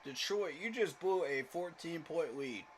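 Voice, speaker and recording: A man giving live reactions to a football game, excitable, talking to the teams on screen and laughing often. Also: a little high, a little slow, slight background noise. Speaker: sports reaction streamer.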